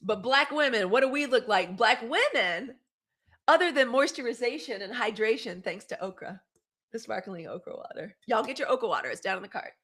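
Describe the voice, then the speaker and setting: Brisk and on the high side, her voice carries a casual livestream where she acts as host. She's animated, talking through commentary and reading live comments aloud.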